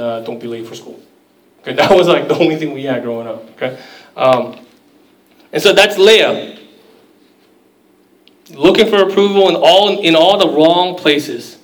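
A man's voice: medium pitch, echoey room, recorded from a distance, poor audio. A man preaching a sermon in a conversational, storytelling way, acting out quoted voices. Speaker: pastor.

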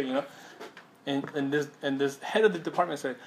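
A man preaching a sermon in a relaxed, conversational way, often checking in with his listeners and using many fillers. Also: fairly high pitch, quick pace, slight background noise. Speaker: pastor.

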